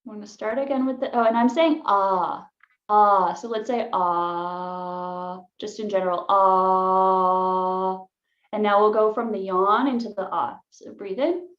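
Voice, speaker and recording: A woman leading a casual online voice lesson, chatty and quick to laugh, with lots of "like" fillers. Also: mid-range voice, roomy sound, muffled recording. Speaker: voice workshop leader.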